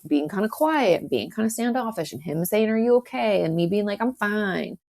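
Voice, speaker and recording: A woman's voice: mid-range voice, animated, fairly quick, vocal fry, mellow. A woman who is a guest author, talking casually in a podcast conversation, chatty with many fillers and acted-out quotes.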